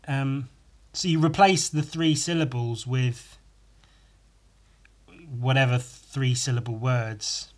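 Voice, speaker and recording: A man's voice: mid-range voice, takes it slowly, pauses often. A man hosting a solo podcast while he draws, rambling with profane, self-mocking humor and many asides. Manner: meandering, with many restarts and asides. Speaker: podcast host.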